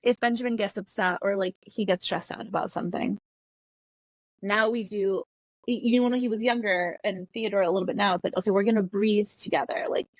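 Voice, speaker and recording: A woman's voice: mid-range voice, brisk, dry recording. Blunt, candid woman on a podcast. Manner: candid, blunt, quotes her kids in dialogue. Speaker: podcast guest. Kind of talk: casual podcast conversation.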